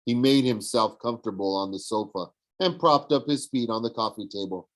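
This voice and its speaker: A man reading a novel aloud in steady audiobook narration. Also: fairly low pitch, brisk, rough recording. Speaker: audiobook reader.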